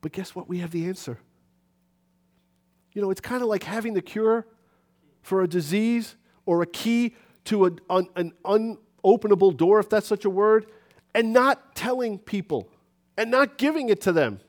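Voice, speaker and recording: A high-voiced man preaches a lively church sermon. He swings his voice up when he plays out little scenes of talking to people. His pitch sits well above most men's. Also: normal speed. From New York City. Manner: animated, acts out conversations with rising pitch.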